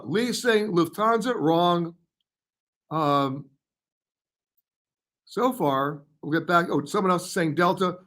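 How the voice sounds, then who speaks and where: A man hosting a live travel show, reading viewer questions and comments aloud and answering them in a chatty way with quick verdicts. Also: high voice, a bit bright. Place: hotel or studio in Paris.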